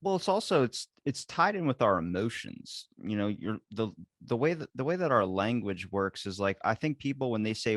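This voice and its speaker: A man's voice: fairly low pitch, big pitch swings, fairly quick, few pauses, no echo, clean studio sound. A man from Maryland hosting a podcast, chatting casually and rambling with many restarts. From Ocean City, Maryland. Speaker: podcast host. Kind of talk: casual conversational chat.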